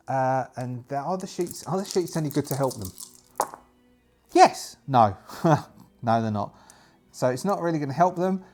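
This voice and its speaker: A man's voice: fairly high pitch, darkish tone. Chatty man narrating a solo tabletop game. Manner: chatty, thinks aloud over dice rolls.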